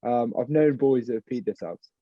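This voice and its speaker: Male rugby player, mid pitch, easygoing storyteller, lo-fi dry sound. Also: moderate pace, no room sound. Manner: relaxed, rambling with many ums. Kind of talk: casual storytelling. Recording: muffled lo-fi audio.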